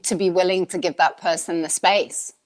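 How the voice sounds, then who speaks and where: A woman's voice: lowish voice, steady tone, moderate pace. A woman hosting a casual coaching talk, earnest and frank, laughing often and swearing mildly. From Australia. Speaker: host, life coach. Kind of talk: casual conversational podcast chat.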